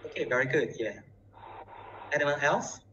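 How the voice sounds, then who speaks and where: A teacher leading a live online class who keeps filling pauses with "yeah", heard through distant, dull call audio. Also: mid-range voice, roomy sound, background noise. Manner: fills with frequent "yeah".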